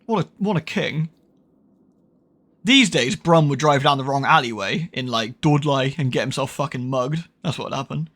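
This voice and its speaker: This man from the United Kingdom plays a horror game on stream, chatting with viewers in a casual, rambling, foul-mouthed way, fixing his own words and laughing often. He speaks at normal speed in a medium-pitched, fairly bright voice.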